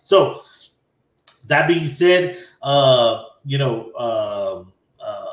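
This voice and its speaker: Animated man retelling an anime episode. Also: mid-range voice, drawn-out words, echoey room. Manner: animated retelling, acting out character lines. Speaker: podcast host. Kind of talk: casual anime episode recap.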